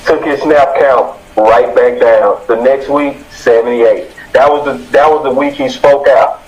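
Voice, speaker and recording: A man co-hosting a sports talk show, reciting game stats in a deliberate way. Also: medium pitch, steady tone. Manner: stat-citing, deliberate. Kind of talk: casual sports chat. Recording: slightly dull lo-fi audio.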